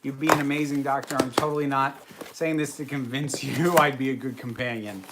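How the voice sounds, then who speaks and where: A man's voice: mid-range voice, steady tone, fairly quick, very noisy. Chatty self-deprecating livestream host, man. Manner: chatty, self-deprecating, answers viewer comments. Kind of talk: casual livestream chat.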